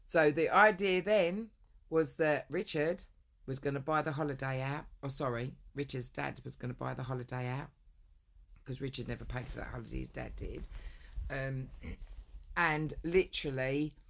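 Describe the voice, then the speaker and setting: Gravelly woman ranting bluntly. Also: very deep voice. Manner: rambling, heavy swearing, blunt. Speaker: vlogger. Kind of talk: casual storytelling rant.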